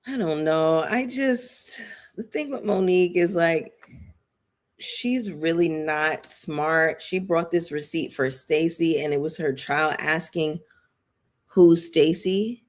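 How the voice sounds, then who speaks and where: A woman's voice: low voice, slow. A woman giving casual live-stream commentary on a reality show, chatty and emphatic, addressing viewers directly.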